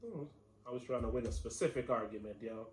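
A man's voice: medium pitch, fast, slight background noise. A man co-hosting a podcast in casual, playful chat, laughing often and using slang. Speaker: podcast co-host. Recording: roomy echoey room.

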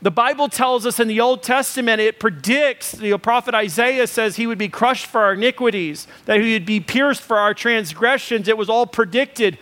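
A pastor delivers a sermon in a voice pitched high for a man. His talk is loose and conversational, full of ums, and it builds into emphatic repeated phrases. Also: normal speed, hardly any pauses, a bit bright. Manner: conversational preaching with fillers, rising to emphatic lists.

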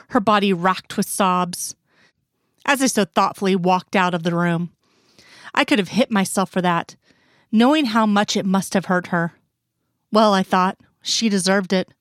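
Woman narrator, measured storytelling, mid pitch, dry close mic. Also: dry recording. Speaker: reader.

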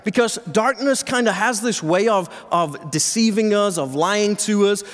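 A man's voice: high voice, unhurried. A male pastor giving a sermon in a conversational, joking way to his congregation. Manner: conversational preaching, jokes with congregation. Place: church sanctuary with live audience. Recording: reverberant hall sound.

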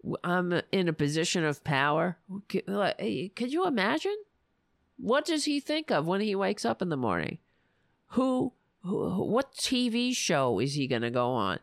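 Hoarse, profane woman ranting on a livestream. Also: medium pitch, sing-song, a little slow, no echo, clean studio sound. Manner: angry, profane, sarcastic. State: losing her voice. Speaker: livestream host. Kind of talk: political rant on a livestream.

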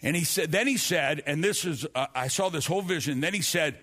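Higher-voiced man preaching a testimony. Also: a little fast, few pauses, a bit bright. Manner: earnest storytelling, frequent restarts and repeated words. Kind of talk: sermon with personal testimony.

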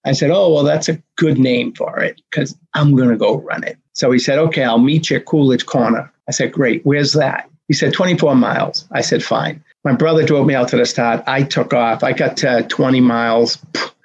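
A man in his sixties, a race director telling a story in an interview, acting out the dialogue with lively energy. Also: mid-range voice, normal speed, husky, muffled recording. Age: 60s. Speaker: marathon race director, guest. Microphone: video call.

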